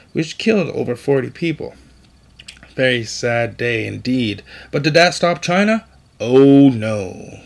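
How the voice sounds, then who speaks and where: A man's voice: mid-range voice, creaky. Guy doing news commentary, gets ranty and sarcastic about the stories. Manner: indignant, ranting, sarcastic asides.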